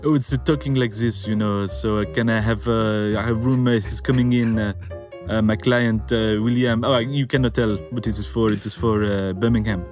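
A man's voice: on the low side, fairly even intonation, moderate pace, music in the background, lightly acted. A man voicing a bumbling fake French sports agent in a terrible put-on French accent, stalling on every word. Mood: bluffing. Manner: hesitant, full of uh's.

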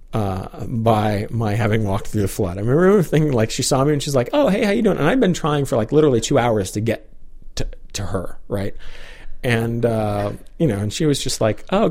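A man's voice: mid-range voice, moderate pace. A middle-aged man, a professor, animatedly telling a personal story, full of casual fillers. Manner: lively, many "like" and "you know" fillers. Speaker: professor, interviewee.

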